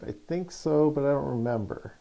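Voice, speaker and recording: A man's voice: a little high, moderate pace, vocal fry, warm tone, voice pushed up, low-quality recording. A man voicing an injured, exasperated man stuck in a pit, speaking in a raised, pleading voice.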